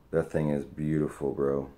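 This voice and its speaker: A man opening sports card mail on camera, chatting excitedly to the friend who sent it. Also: extremely low pitch. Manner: excited, talks to the sender directly. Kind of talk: casual unboxing vlog.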